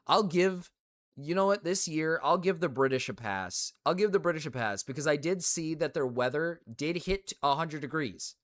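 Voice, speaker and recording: A man's voice: on the high side, normal speed, a bit bright, dry recording, studio quality. A young man streaming live, ranting casually with lots of swearing and repeated phrases. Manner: ranting, profane, repeats himself. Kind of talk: casual livestream rant.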